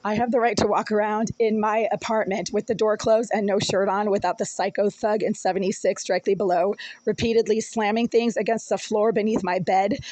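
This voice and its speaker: Indignant woman with a rough voice. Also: medium pitch, steady tone, a little fast, hardly any pauses, darkish tone, no echo, low-quality recording. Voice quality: rough, smoker-like voice. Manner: indignant, repetitive, accusatory. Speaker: tenant recording a complaint. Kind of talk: angry recorded rant and voicemail. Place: small apartment indoors.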